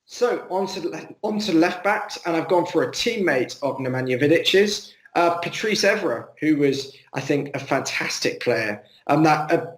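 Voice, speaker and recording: A man's voice: a little high, expressive, normal speed, hardly any pauses. Man chatting football in an echoey room. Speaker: podcast co-host. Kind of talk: casual football chat.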